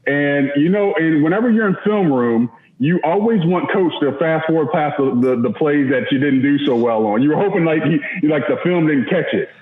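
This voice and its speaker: A man's voice: fairly high pitch, lively intonation, normal speed, few pauses. A man in his forties, a former college offensive lineman, telling a rambling, self-mocking story in casual talk. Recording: echoey, dull remote audio.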